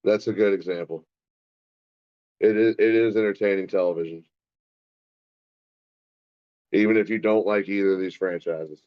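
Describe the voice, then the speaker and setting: A man with a somewhat low voice adds laid-back reactions to a game broadcast, mostly short agreeing remarks. The sound is dull and lo-fi, as if from a home stream. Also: steady tone, moderate pace, pauses often, no room sound. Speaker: co-host giving reactions. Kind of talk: casual sports commentary.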